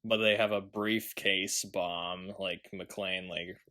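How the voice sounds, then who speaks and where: A man's voice: deep voice, fairly even intonation, slow, bright, forceful tone. A man co-hosting a film review podcast, talking casually and rambling with frequent ums and trailing asides. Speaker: podcast co-host.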